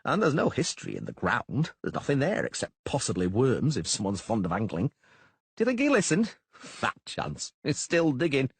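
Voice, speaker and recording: A man reading an audiobook, voicing a coarse, blustering middle-aged male mayor in a husky, gossipy voice. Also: mid-range voice, wildly swooping pitch, normal speed, no room sound, pitched above the performer's own voice, heavily acted.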